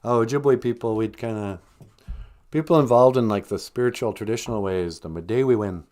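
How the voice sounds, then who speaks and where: A man hosting a podcast in relaxed, rambling casual chat, explaining traditions. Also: lowish voice. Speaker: podcast host.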